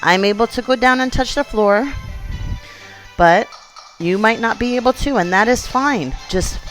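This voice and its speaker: A woman fitness instructor leading a gentle exercise class, chatty and encouraging, counting reps aloud. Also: a little high, measured pace, faint music behind, poor audio. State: out of breath at times.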